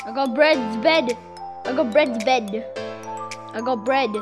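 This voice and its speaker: Woman, high voice, unhurried pace, excitable gameplay commentary, playful trash talk, kids' music playing behind. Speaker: gamer commentating own play. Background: children's music playing.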